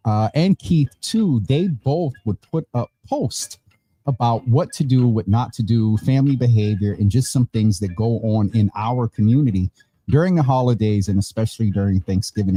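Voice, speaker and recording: A tired man hosting a relaxed, chatty online show from a warm room at home, laughing now and then. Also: lowish voice, normal speed, breathy edge. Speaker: host. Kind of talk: casual chat. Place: hot room at home with vents and fan. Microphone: phone or video call.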